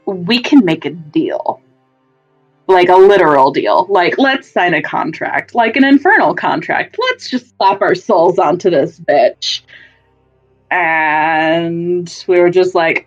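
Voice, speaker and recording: A woman's voice: fairly low pitch, a little slow, highs cut off, faint music behind. A woman casually recapping a tabletop game session, rambling, swearing and laughing as she goes. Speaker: player giving a session recap.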